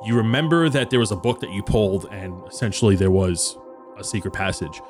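A man running a tabletop game as game master, narrating scenes in a lively way. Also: on the low side, a little fast, music in the background.

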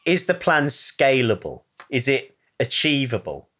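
A man with a bright voice and a lively, swinging pitch co-hosts a casual podcast. He keeps the talk loose and drops in quips and questions. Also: a little slow. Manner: joking, tosses in quips and questions. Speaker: podcast co-host. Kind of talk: casual film-review chat.

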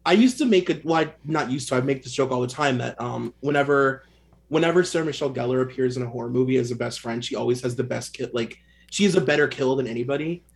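A man's voice: mid-range voice, fast, creaky. A man co-hosting a podcast, talking about horror films in a rambling way, full of "like" and laughs. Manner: rambling, heavy use of "like", laughs along. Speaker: podcast co-host. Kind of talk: casual movie chat.

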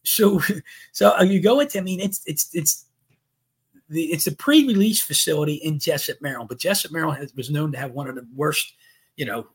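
A man telling an animated personal story as a podcast guest, voicing his own past thoughts as he goes. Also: fairly high pitch, husky.

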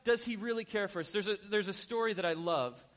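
Male preacher, high-pitched, animated storyteller, reverberant hall. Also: fast. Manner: animated, asks the listeners questions. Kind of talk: storytelling sermon.

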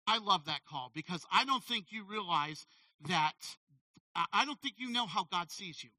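Bright-voiced preaching man, distant mic. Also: high voice, moderate pace, no room sound. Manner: animated, conversational preaching with frequent "okay?" asides. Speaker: pastor. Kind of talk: sermon.

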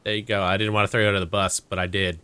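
A man's voice: lowish voice, very fast, smooth, dry recording. A man co-hosting a podcast, teasing his friends in casual banter. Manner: teasing, animated. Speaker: podcast co-host.

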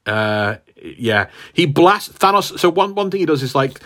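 A man's voice: fairly high pitch, a little slow. A man co-hosting a podcast who retells a comic book plot in a casual, rambling way, full of fillers and laughs. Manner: animated, rambling, laughs a lot, many fillers. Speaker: podcast co-host.

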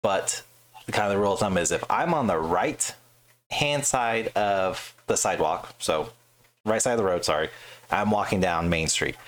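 Deep-voiced, profane storytelling man. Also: normal speed. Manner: profane, animated storyteller who jumps high when quoting others. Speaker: Air Force veteran telling stories. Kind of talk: casual podcast chat.

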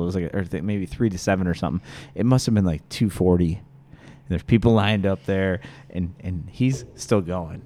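Low, mellow-voiced male podcast host. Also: normal speed. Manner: laid-back, swears casually, laughs often. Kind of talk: casual chat.

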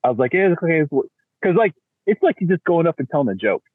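A middle-aged man chatting as a podcast guest, animated and laughing often, slipping into voices as he talks. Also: fairly high pitch, fast, slightly rough, no echo. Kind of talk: casual chat. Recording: thin phone-like line, dry.

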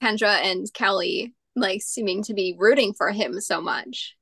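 A woman's voice: medium pitch, measured pace, pushed and bright, husky, dry recording. A woman guesting on a podcast, chatting casually and analytically, saying "like" often. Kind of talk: casual chat.

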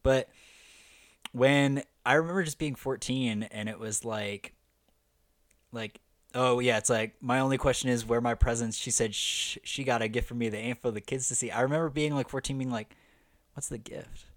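A man co-hosts a casual podcast chat, talking in a loose, rambling way full of "like" fillers. His voice sits at a middle pitch for a man. The recording is dry and close, with no room sound. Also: moderate pace, no echo. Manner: chatty, heavy use of "like", enthusiastic. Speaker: podcast co-host.

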